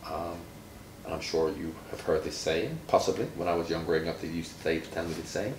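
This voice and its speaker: A man's voice: very deep voice, steady tone, brisk. A man in his fifties from Jamaica, a retired footballer chatting with a child, playful and quizzing, stretching words for emphasis. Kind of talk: friendly teaching chat with a child. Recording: roomy, from far off, faint noise.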